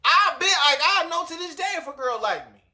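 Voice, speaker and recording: A man reacts to a clip on camera in a loose, rambling, profane way, speaking straight to his audience. His voice sits high and swings widely in pitch. It has a bright, sharp edge. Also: expressive, brisk. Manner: profane, rambling, addresses viewers directly. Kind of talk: casual reaction commentary. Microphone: recording himself on camera.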